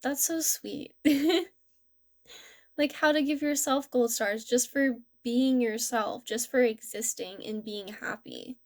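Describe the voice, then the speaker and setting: Gentle, rambling young tarot reader woman. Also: fairly high pitch, slow pace. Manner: rambling, gentle, full of "like" and restarts. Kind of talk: casual spiritual reading.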